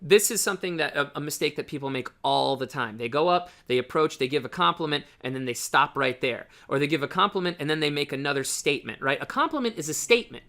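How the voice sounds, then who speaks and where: A man's voice: a little high, expressive, fast, hardly any pauses, sharp tone. A man coaching on dating in casual, blunt talk, often checking in with the listener by asking "right?".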